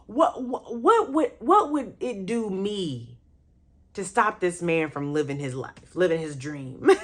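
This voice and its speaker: A young woman chatting casually with her viewers about movies, her voice swinging high and low as she exclaims and laughs. She talks in a loose, animated way. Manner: animated, laughing and exclaiming, reacting to chat comments. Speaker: radio host reviewing movies. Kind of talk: casual livestream chat with viewers.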